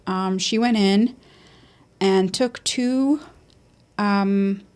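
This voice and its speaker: A woman's voice: medium pitch, drawn-out words, darkish tone, clear, resonant tone. A woman casually telling a personal story in conversation, full of ums, casual swearing and nervous laughs. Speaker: podcast host.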